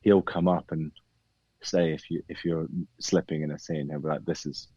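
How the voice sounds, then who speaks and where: A man with a British accent and a very low voice talks through his craft in a relaxed, thoughtful way, circling back and restarting often. The recording is dry and a little muffled. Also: moderate pace, husky, no room sound. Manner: thoughtful, many restarts and hedges. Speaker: actor guest. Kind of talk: casual interview chat.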